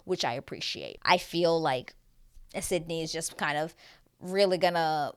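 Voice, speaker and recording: A woman's voice: low-pitched, a little slow, smooth, no echo, clean studio sound. A woman recapping a reality dating show in a casual, gossipy way, talking bluntly, swearing freely and mimicking the cast.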